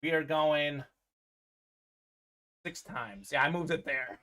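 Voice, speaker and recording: A man's voice: fairly high pitch, slow, sharp tone. A man hosting a live-streamed sports card break, giving upbeat running commentary on teams and players.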